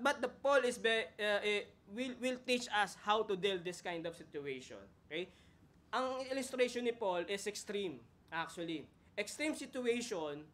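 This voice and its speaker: Filipino man, high-pitched lay preacher, chatty teaching tone, keeps checking in with the listeners. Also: a bit bright. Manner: conversational, frequent "okay?" tag questions and self-corrections. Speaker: preacher at a Bible study. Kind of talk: teaching sermon, mixing Tagalog and English.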